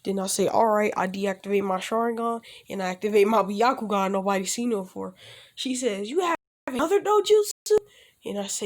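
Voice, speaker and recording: A young man casually telling a self-insert fan story, rambling with lots of restarts and loosely acting out the characters' lines. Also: high voice. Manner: rambling, with frequent restarts and fillers like "basically" and "like".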